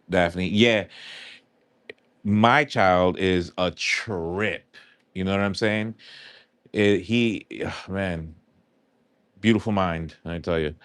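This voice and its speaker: A man's voice: sits low, dry recording. A man hosting a live stream, chatting casually and earnestly with lots of fillers while scratching lottery tickets. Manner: rambling, heartfelt, filler-heavy.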